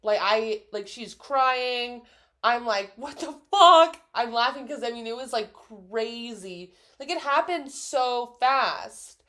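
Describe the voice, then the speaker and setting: A woman's voice: fairly high pitch, takes it slowly. A woman in her twenties co-hosting a podcast, telling stories in casual chat and acting out quotes with laughter. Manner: lively storyteller who acts out quotes with laughter. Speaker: podcast co-host.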